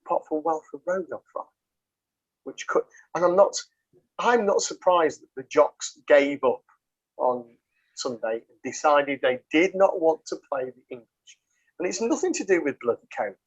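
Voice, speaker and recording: A man's voice: on the high side, expressive, normal speed, husky. A man hosting a casual rugby podcast, swearing freely and bantering with many fillers. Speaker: podcast host. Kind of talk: casual chat. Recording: dull lo-fi sound.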